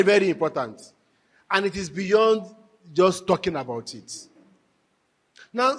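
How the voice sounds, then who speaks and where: A man giving a marriage workshop talk to a live audience, telling stories with animated, emphatic repetition. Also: high voice. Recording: echoey hall with long reverb.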